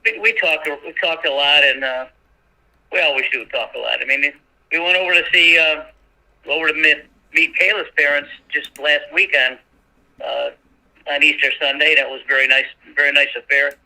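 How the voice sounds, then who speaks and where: An older man talking as a guest in a folksy, chatty way, pausing with fillers. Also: on the high side, steady tone, sharp tone, rough recording. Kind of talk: casual chat.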